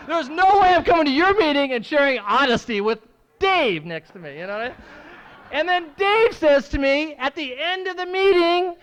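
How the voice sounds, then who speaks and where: A man sharing his recovery story at a meeting, swinging from hushed, tearful moments to loud laughing outbursts. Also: very high voice, very animated, normal speed. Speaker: AA speaker. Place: meeting room at a school.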